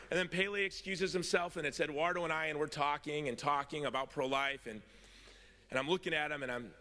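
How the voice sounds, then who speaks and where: A man delivers a convention speech, telling stories and poking fun at himself. His voice is on the high side, fairly even and sharp, moving fairly quickly; there's slight background noise and the long reverb of the hall.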